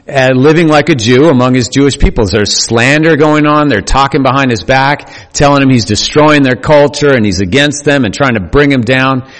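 A man preaches in a relaxed, conversational sermon, retelling the story with emphatic turns and plain asides. His voice sits mid-range and rings with the long reverb of a hall. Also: medium pitch. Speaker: pastor.

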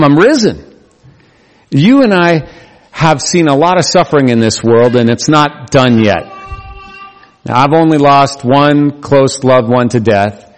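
A man preaching a sermon in a conversational, animated way, acting out the voices he quotes. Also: medium pitch. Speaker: pastor. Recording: long hall reverb.

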